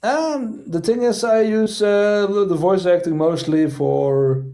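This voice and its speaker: A man hosting a casual livestream chat, quaintly formal with frequent "indeed" and "I say," pausing often on fillers. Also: high-pitched, dark tone. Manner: hesitant, many fillers. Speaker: streamer host.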